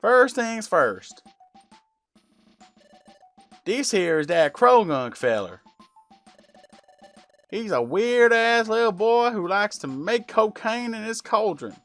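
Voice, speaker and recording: A man's voice: high voice, very animated, takes it slowly, long pauses, fairly bright tone, soft background music, voice pushed up, exaggerated voice. A man voicing an eager, sentimental male rookie beaver creature in a put-on Southern US drawl, hammy and folksy. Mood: overjoyed folksy.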